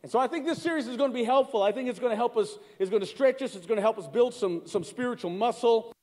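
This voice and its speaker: Man, middle-aged pastor, high voice, sermon, conversational, long reverb of a church hall. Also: fast talker, a little mellow. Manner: conversational, calls to the congregation, repeats words. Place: church sanctuary.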